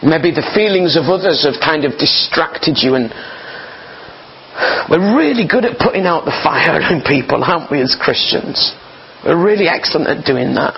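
Earnest preacher, muffled recording. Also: male voice, a little high, moderate pace, a little hiss or hum. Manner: earnest, conversational, often repeating words. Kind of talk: informal sermon. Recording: slightly dull, muffled recording.

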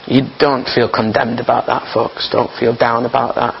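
Earnest preacher, muffled recording. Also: male voice, medium pitch, little pitch movement, normal speed, creaky, a little hiss or hum. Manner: earnest, conversational, often repeating words. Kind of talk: informal sermon. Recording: slightly dull, muffled recording.

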